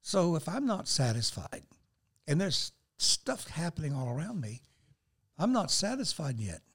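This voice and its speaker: Unhurried, somewhat high, and breathy at the edges, an older man speaks as a guest on a faith talk show. He shares earnestly and animatedly, quoting scripture.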